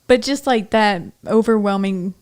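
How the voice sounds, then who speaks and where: A woman's voice: medium pitch, unhurried, clear, resonant tone. Woman podcast host, affirming. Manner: warm, affirming, frequent murmured agreement. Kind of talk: casual conversation.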